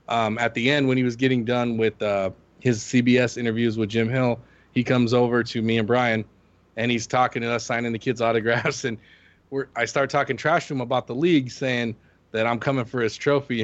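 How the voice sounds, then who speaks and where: A man co-hosting a casual sports podcast, telling a crude, animated story full of swearing. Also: mid-range voice, moderate pace, dry recording, lo-fi sound. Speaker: podcast co-host. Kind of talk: casual chat.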